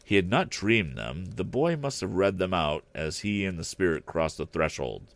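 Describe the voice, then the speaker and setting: A man narrating a classic story aloud in an expressive, deliberate reading style. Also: low voice, dry recording. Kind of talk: audiobook narration.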